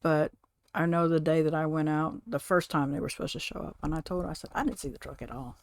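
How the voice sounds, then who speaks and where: A woman streaming from home, chatting casually and rambling to her viewers, now and then cooing softly to her cat. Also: deep voice, fast, dry recording, clean studio sound.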